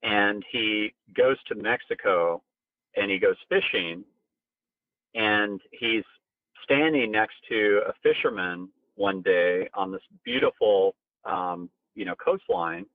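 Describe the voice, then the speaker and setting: A man being interviewed as a company co-founder, telling a personal story animatedly and jumping up in pitch for emphasis. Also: slow pace, dry recording. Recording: tinny phone-like sound, very dry.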